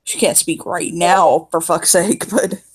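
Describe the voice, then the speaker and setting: A tabletop player speaks slowly and hesitantly, pausing on fillers and cursing casually as they describe what their character does. The voice has a gravelly, creaky texture at a middle pitch. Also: steady tone. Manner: halting, casual, swears often, many fillers.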